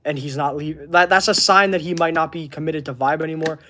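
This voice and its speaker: High-voiced man streaming casually. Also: fairly even intonation, bright, forceful tone, a little hiss or hum. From Canada. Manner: halting, searching for words, earnest. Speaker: wrestling channel host. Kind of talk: casual livestream chat reading comments.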